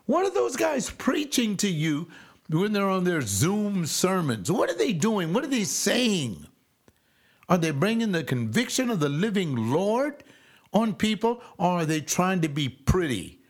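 An older man preaching a sermon over a webcast, fervent, swinging between loud exclaiming and slow, low emphasis. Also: very animated.

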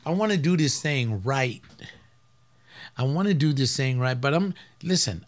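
A man preaching a fiery sermon as pastor, swinging from loud outbursts to hushed asides. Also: mid-range voice, lively intonation, a little slow.

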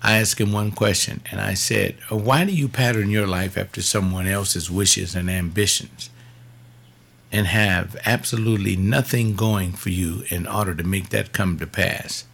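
A man speaking in church, telling a story in a measured way with fillers and repeats. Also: deep voice, vocal fry, fairly bright tone. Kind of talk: sermon-style reflection.

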